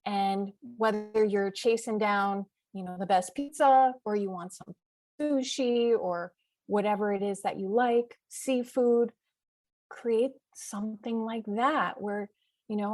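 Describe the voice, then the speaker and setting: A woman's voice: on the high side, a little mellow, dry recording, studio quality. A middle-aged woman from the US East Coast, chatting enthusiastically as a podcast guest, listing examples with frequent fillers. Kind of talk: casual interview chat.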